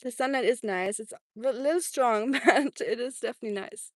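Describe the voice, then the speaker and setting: A woman's voice: fairly high pitch, fairly quick, no room sound, studio quality. A woman from Germany with a German accent, chatting casually on a live stream during an outdoor walk, laughing often and cooing at her dog. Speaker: livestreaming vlogger. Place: outdoors by water on a sunny walk.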